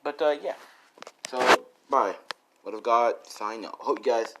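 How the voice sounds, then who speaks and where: A man's voice: mid-range voice, unhurried, very noisy. A man telling a fan story off the cuff, rambling with lots of fillers and offhand swearing. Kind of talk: casual spoken fan story.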